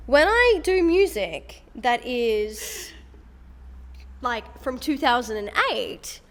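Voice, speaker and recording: Chatty woman co-host, fairly high voice, roomy reverb. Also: very animated, slow pace. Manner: chatty, storytelling, giggly. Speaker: podcast co-host, fitness studio. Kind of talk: casual chat.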